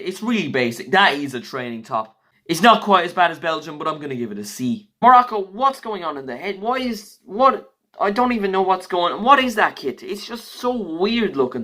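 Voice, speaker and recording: A man giving blunt, jokey, quick verdicts in a casual vlog, reviewing football kits. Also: medium pitch, fairly bright tone. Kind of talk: casual opinionated vlog commentary.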